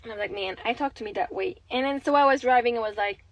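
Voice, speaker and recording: A young mother from Quebec, Canada, with a Québécois French accent, talks at a quick pace in a voice on the high side. She chats candidly on a phone livestream, rambling and swearing freely, in a rough recording with no room sound.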